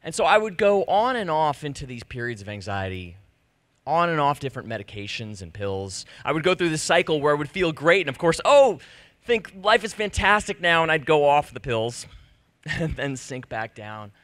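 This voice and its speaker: Animated man telling a personal story. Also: on the high side, normal speed, no echo. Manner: animated, self-deprecating, acts out quoted exchanges. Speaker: speaker giving a personal talk. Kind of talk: personal storytelling talk to a live audience. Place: stage before an audience.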